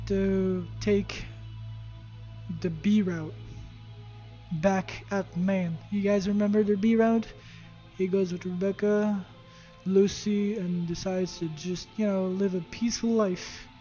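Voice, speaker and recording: A gaming video creator casually recapping a game story, animated and profane, throwing in spoken sound effects. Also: medium pitch, lo-fi sound.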